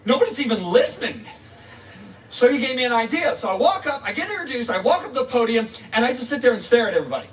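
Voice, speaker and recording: A man's voice: very high-pitched, animated, very fast, hardly any pauses, fairly bright tone. A male preacher telling a story in a sermon, dramatic and emphatic, acting out the voices, recorded on a distant mic. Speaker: preacher, guest speaker.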